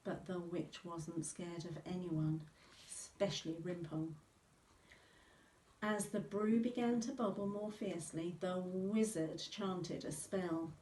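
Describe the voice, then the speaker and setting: A woman teacher reading a storybook aloud to pupils with an expressive voice, recorded in an echoey room from some distance. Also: fairly low pitch, slow pace.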